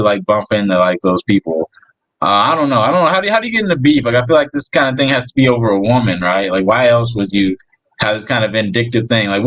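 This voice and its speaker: A man's voice: medium pitch, fairly bright tone, no echo, poor audio. A man co-hosting, musing hesitantly in casual chat with many fillers. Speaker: co-host.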